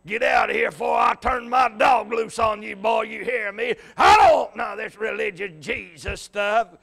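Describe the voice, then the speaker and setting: A man putting on a gruff, hostile old man who shouts him off his porch. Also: high voice, normal speed, full character voice. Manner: shouting threats.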